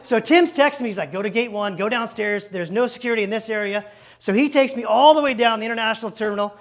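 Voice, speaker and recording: Pastor guy with a really high voice, telling a story on stage, acts out all the lines. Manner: animated, acts out dialogue, quick asides to the congregation. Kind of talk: storytelling sermon. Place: church stage.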